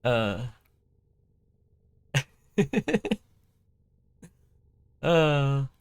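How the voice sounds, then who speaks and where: A streamer leans into a Southern Californian valley-girl drawl, stretching words out slowly while the pitch swings up and down. The talk is loose and chatty, packed with "like" and "you know" and breaking into laughs often. It sounds like a relaxed home stream on a close desk mic. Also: clear, resonant tone. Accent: Southern Californian, Valley Girl style. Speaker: game streamer. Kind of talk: casual live-stream chat.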